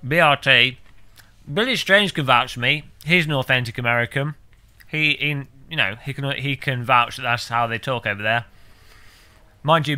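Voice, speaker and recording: British man, game streamer, casual rambling chat, deadpan jokes, very bright sharp voice. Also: medium pitch. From United Kingdom. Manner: rambling, deadpan absurd joking.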